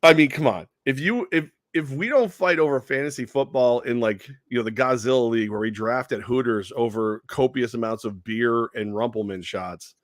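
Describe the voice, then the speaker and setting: An animated man co-hosting a sports talk show, laughing easily and circling back over his words as he argues a point. His voice sits at an ordinary middle pitch. The sound is dry and close, with no room around it. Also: moderate pace, hardly any pauses, no echo. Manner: animated, laughing, repeats himself. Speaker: sports radio co-host.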